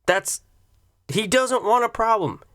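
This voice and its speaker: A man's voice: high voice, slow pace, fairly bright tone. A man with a somewhat raised voice hosting a reaction commentary. He rants in a sarcastic, blunt way and swears freely while breaking down a clip. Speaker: commentary host.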